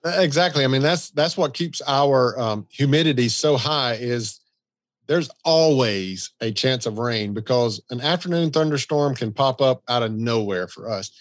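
A man's voice: medium pitch, moderate pace. An easygoing man with a Southern American accent, co-hosting a casual podcast chat. He agrees readily and laughs easily. The recording is close and dry, with no room echo. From Southern United States. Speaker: podcast co-host.

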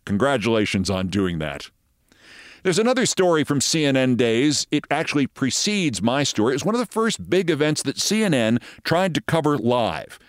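A man's voice: medium pitch, sing-song, moderate pace, no echo, studio quality. A man in his sixties hosting a show, telling wry, conversational anecdotes. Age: 60s. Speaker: host. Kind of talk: monologue storytelling.

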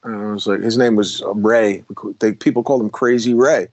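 Middle-aged ex-cop telling stories, rambling and dry. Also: male voice, lowish voice, steady tone, a little fast, darkish tone, no echo, lo-fi sound. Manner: rambling, with restarts and self-corrections. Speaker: guest, former police officer. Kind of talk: casual storytelling conversation.

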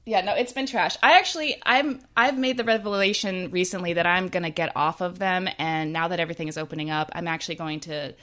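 A woman's voice: on the low side, quick pace, hardly any pauses. A woman telling funny stories in a casual chat, laughing often and talking with lots of energy. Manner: animated, laughing storyteller.

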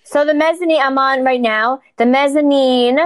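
A woman's voice: sits high, fairly even intonation, normal speed, dry recording. A woman co-hosting a podcast in casual chat, brash and swearing freely. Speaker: podcast co-host.

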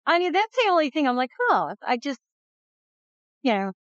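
A woman co-hosting a casual podcast, frank and offhand, with a somewhat high voice that moves lively across its range. The recording is dry and slightly dull. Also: brisk, no echo. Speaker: podcast co-host. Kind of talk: casual chat.

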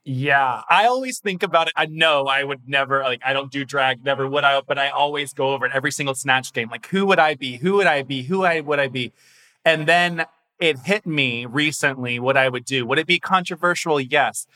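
Bright-voiced playful male interviewer. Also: mid-range voice, poor audio. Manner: playful, asks questions, quick asides. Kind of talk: casual interview chat.

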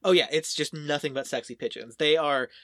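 A man's voice: fairly high pitch, a little fast, a bit bright, dry recording, studio quality. A man co-hosting a casual podcast, explaining odd facts in a playful, joking way. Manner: jokey, explains fun facts with playful asides. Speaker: podcast co-host. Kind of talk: casual chat.

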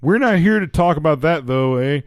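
A man's voice: on the high side, animated, moderate pace, dry recording, lightly acted. A man putting on a folksy Canadian guy. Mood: mock folksy. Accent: put-on Canadian. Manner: tags sentences with "eh". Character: stereotypical polite Canadian man. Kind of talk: comic news reading in character.

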